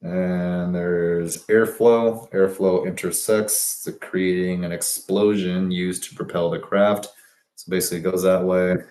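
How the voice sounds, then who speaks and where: A man with a very low voice talks through his drawings in a loose, rambling way, stopping to correct himself and think aloud. The room around him is echoey. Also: level tone, a little slow, a little mellow. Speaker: presenter of business ideas. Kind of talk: casual explanation of sketches.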